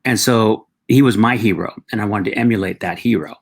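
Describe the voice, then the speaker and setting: A middle-aged man, a talk show guest, telling reflective personal stories with halting restarts. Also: on the low side. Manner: reflective, halting, with frequent restarts and acted quotes.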